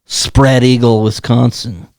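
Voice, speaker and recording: A man's voice: mid-range voice, little pitch movement, takes it slowly, vocal fry, a little mellow, dry recording, studio quality. A man co-hosting a podcast in casual chat, riffing on crude puns and joking with his partner. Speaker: podcast co-host.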